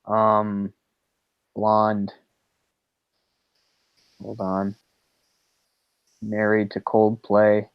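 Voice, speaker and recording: A man's voice: fairly low pitch, monotone, very slow, pauses often, clean tone, no room sound, highs cut off. A man co-hosting a movie podcast, talking in a rambling, casual way with lots of fillers and restarts. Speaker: podcast co-host. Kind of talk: casual chat.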